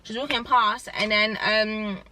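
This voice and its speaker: A young woman, telling a storytime in a rambling, animated way and saying "like" often. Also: mid-range voice, measured pace. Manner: animated, rambling, heavy use of "like". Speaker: vlogger. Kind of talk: casual storytime chat.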